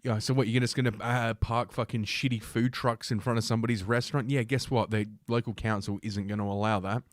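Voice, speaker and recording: A young male livestream host reads news aloud and rants about it, sarcastic, profane and combative. He talks fast with few pauses in a steady, medium-pitched voice, captured as a dry, clean studio recording.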